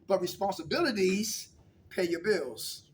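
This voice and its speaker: A man's voice: sits high, animated, a little slow, distant mic, a little hiss or hum. A man leading a recovery meeting, coaching the group with call-and-response questions.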